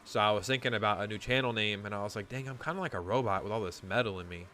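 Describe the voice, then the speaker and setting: A man's voice: on the low side, very fast, sharp tone, slight background noise. A gaming YouTuber, a man, telling a story in casual, rambling chat, swearing often and saying "like" a lot. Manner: rambling, profane, lots of "like".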